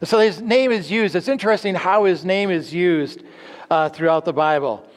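Preaching man with a slightly high voice in a reverberant hall. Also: moderate pace. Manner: earnest, with rhetorical questions and restarts. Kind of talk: sermon teaching.

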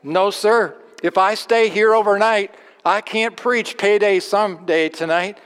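A pastor voicing a stubborn, cheerfully defiant elderly preacher in a retold story, insistent and good-humored. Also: male voice, sits high, a little slow, a bit bright, clean tone, big-room sound.

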